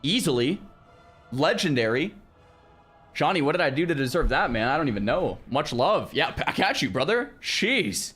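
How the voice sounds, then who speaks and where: A young man streaming, chatting casually with his viewers in an animated way, with lots of restarts and loud exclamations. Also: a little high, moderate pace, slightly rough, soft background music. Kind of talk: casual livestream chat with viewers.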